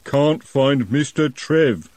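A man doing a slow, dull-witted troll. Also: on the high side, no room sound, voice pushed up. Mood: flat. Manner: flat, slow, repetitive.

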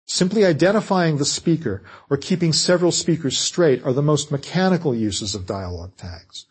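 A man giving a measured, scripted lecture on writing fiction. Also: on the high side, lively intonation, breathy edge. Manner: measured, explanatory delivery.

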